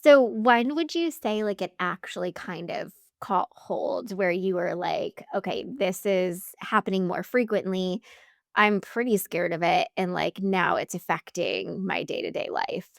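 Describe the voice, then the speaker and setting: A woman's voice: lowish voice, unhurried, gravelly, no echo, clean studio sound. A woman hosting an interview, who asks supportive follow-up questions and reflects back what her guest says. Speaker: podcast host.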